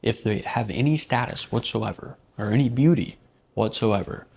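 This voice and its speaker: Gravelly man ranting bluntly. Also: medium pitch, normal speed, darkish tone. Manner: blunt, profane, rambling. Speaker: vlog host. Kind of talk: casual rant monologue.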